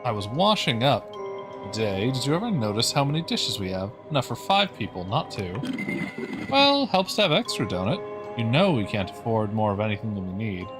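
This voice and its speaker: Game role: a weary, wistful partner, voiced by a man, quiet. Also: lowish voice, very animated, fairly quick, music in the background.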